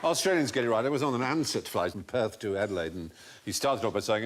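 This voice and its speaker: A man's voice: fairly low pitch, animated, quick pace. A man hosting a comedy panel show, telling erudite anecdotes with theatrical flair. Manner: erudite, theatrical raconteur who acts out quotes. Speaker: quiz show host.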